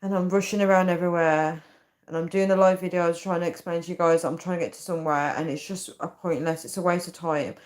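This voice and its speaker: A woman's voice: fairly low pitch, steady tone, fast, a little mellow. Tired, chatty woman in her thirties. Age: 30s. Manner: chatty and giggly, often breaking into laughter. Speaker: livestream host. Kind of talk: casual live-stream chat reading viewer comments.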